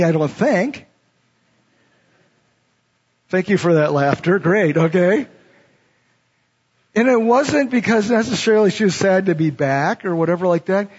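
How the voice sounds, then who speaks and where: A middle-aged male pastor with a high-pitched, husky voice reads scripture verses aloud and then explains them in a teaching manner. The recording has a dull, lo-fi sound.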